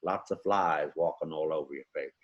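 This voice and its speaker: A man doing an impression of an older actor, speaking in a lowered, soft, measured drawl. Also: lo-fi sound. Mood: musing. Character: impression of a calm, deep-voiced older male actor.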